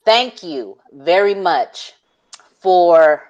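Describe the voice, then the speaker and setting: A man's voice: high-pitched, expressive, drawn-out words, lo-fi sound. A man hosting a live online audio call, talking in hyped, slangy casual chat, laughing often and swearing freely. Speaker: host.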